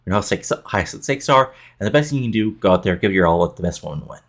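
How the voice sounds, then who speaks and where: A man voicing a calm woman wrestling official who tries to keep the peace, in a game playthrough. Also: lowish voice, fast. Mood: pleading. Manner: pleading, conciliatory.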